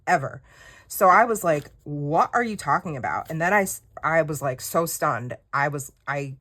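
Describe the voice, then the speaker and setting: A woman's voice: deep voice, lively intonation, moderate pace, a bit bright. A woman, telling a personal story in casual chat while journaling, candid and rambling, acting out quoted dialogue. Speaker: journaling creator.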